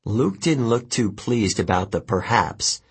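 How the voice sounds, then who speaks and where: A man narrating an adventure story in the first person, measured and expressive. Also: on the low side, breathy edge. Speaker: audiobook narrator.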